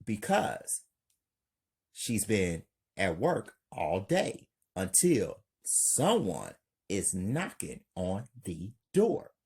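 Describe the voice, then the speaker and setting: A man's voice: deep voice, huge pitch swings, darkish tone, breathy edge. A man narrating an amateur crime story for his channel, reading plainly. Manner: slow, plain reading with hype outro.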